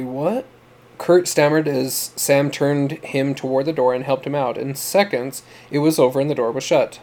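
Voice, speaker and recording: Mellow male storyteller. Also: medium pitch. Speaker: narrator. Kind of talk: scripted audiobook narration.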